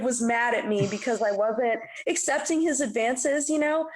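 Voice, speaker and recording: Chatty woman musician with a higher voice. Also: normal speed, hardly any pauses. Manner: chatty, frequent "you know" fillers, animated retelling. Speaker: musician guest. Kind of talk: casual interview chat, storytelling.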